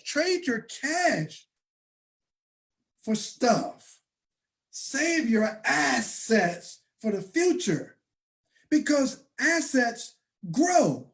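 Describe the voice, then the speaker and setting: A man giving a motivational sales talk to an audience, emphatic and preacher-like, with bursts of shouting and slow, stressed phrases. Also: very high-pitched. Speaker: presenter.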